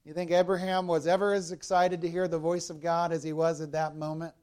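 A man's voice: a little high, level tone, fairly quick, a little mellow. A man preaching a sermon as a pastor, explaining a Bible passage verse by verse and speaking directly to the congregation.

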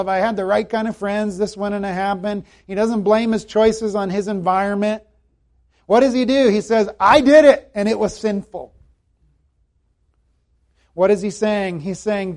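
High-voiced earnest male preacher. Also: a little mellow. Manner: earnest, emphatic preaching with repeated phrases. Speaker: pastor. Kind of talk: sermon.

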